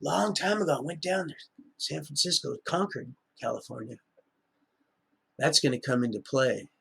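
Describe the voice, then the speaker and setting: A man's voice: on the high side, normal speed, gravelly, a bit bright, slight background noise. A middle-aged man rambling through a live-stream monologue, often wandering off topic. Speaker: livestreamer.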